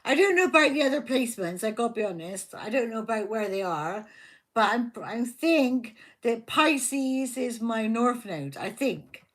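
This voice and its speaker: A woman's voice: a little high, animated, normal speed. A woman hosting a live tarot stream, chatting casually and rambling, repeating herself and talking to her viewers. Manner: talks to viewers by name, affectionate.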